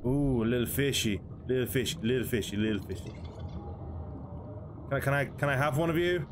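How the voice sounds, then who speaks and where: A man's voice: mid-range voice, slight background noise. A young man giving casual game commentary, chatting, laughing and talking to creatures in the game. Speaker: gaming video host.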